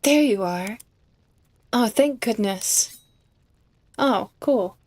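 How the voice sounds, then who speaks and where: Giggly, excitable woman game streamer. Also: a little high, drawn-out words, no room sound. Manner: giggly and excitable, with lots of fillers. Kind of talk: casual game commentary, reading game text aloud.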